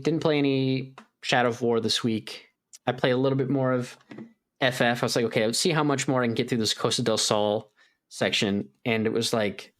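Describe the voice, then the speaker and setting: Rambling through a casual gaming podcast chat, a male co-host leans heavily on "like" and plays out his reactions in a louder voice. His voice is mid-range and a bit bright.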